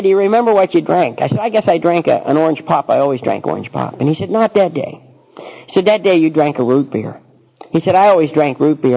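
A man's voice: on the high side, vocal fry, dark tone, rough recording. A middle-aged man telling a personal recovery story, rambling with many false starts. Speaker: speaker sharing recovery story.

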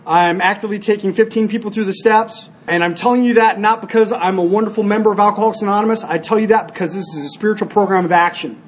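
A man's voice: high voice, fast talker, few pauses. A man speaking at a recovery meeting, sharing personally and telling stories with animation. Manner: storytelling, animated when acting out scenes; earnest, frequent restarts. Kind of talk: personal share with told stories.

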